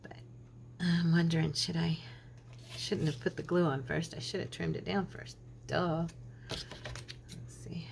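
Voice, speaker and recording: A woman's voice: fairly low pitch, little pitch movement, unhurried, gravelly, long pauses, a little hiss or hum. A middle-aged woman chatting casually while she crafts, telling stories and laughing often. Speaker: crafting channel host; minister.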